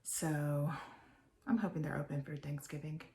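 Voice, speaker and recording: A woman's voice: deep voice, moderate pace, warm tone, a little hiss or hum. An older woman from Texas chatting in a meandering way to her viewers from a home office, sometimes dropping to a whisper. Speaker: vlogger. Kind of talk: rambling casual vlog.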